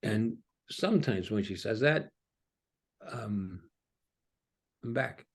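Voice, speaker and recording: Halting, reflective man preaching. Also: on the low side, animated, slightly rough. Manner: halting, with frequent ums and restarts. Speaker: pastor.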